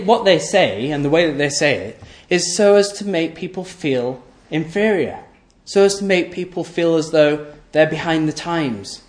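A man preaching a sermon, emphatic and repetitive, asking rhetorical questions and letting his voice sink low and quiet at the ends of phrases. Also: reverberant. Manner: voice often drops low and soft at the end of phrases.

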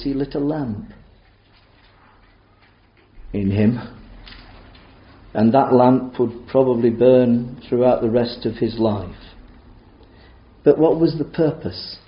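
A man preaching a sermon, emphatic and full of rhetorical questions, with sharp rises and drops in loudness. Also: mid-range voice, takes it slowly, pauses often. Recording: roomy, dull church sound.

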